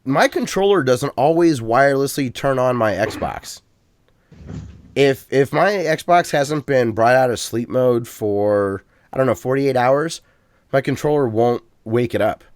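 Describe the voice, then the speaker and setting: A man hosting a casual gaming podcast, talking in an easygoing, halting way with frequent restarts. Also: mid-range voice, expressive, dry recording, studio quality. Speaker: podcast host.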